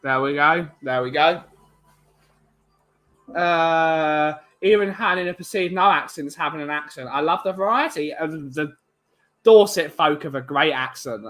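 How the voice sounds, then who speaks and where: Rambling English male host reading out chat, bright slightly high voice. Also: measured pace. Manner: chatty, rambling, greets chatters by name. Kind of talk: casual live-stream chat.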